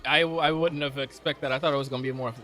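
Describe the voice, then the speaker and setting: A man being interviewed as an event emcee, talking in a lively, expressive way and pausing to think. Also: medium pitch. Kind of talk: casual interview chat.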